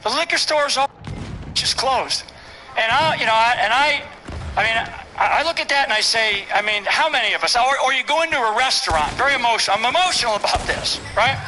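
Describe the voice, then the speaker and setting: A man's voice: extremely high pitch, lively intonation, brisk, pushed and bright, soft background music, low-quality recording. An older man speaking from a stage at a public event, emphatic and repetitive, often tagging lines with "right?". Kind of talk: rally speech.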